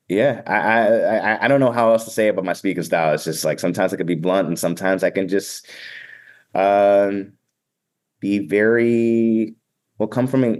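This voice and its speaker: Energetic, blunt male emcee with a Boston accent and a lowish voice, casual interview guest. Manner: energetic, upbeat and sometimes blunt. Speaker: event emcee and keynote speaker.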